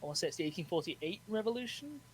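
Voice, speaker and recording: A man's voice: high-pitched, big pitch swings, very fast, slight background noise. A man co-hosting a podcast, telling history in a rambling, casual way with fillers and restarts. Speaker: podcast co-host. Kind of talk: casual chat.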